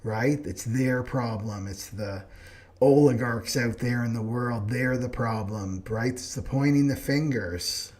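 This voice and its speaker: A man's voice: medium pitch, unhurried, darkish tone. A man teaching a live astrology class in an earnest spiritual tone, often checking in with the listener. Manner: earnest, keeps asking "right?". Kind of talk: live online class talk.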